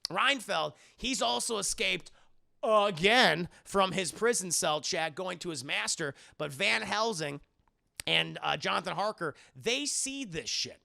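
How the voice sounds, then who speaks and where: Young streamer, crude animated film recap, high gravelly voice with a bright edge. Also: male voice, measured pace. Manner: profane, animated storytelling. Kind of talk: casual film recap for a live chat.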